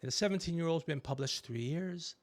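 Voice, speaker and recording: A middle-aged man hosting a podcast, telling stories in a casual comedic chat and acting out quotes with animated voices. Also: on the high side, fast. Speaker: podcast host.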